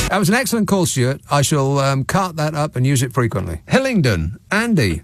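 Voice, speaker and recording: A man's voice: fairly high pitch, sing-song, fairly quick, few pauses, no room sound, soft background music. Dry, sardonic male radio host. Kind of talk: late-night radio phone-in. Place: radio studio. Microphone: studio microphone.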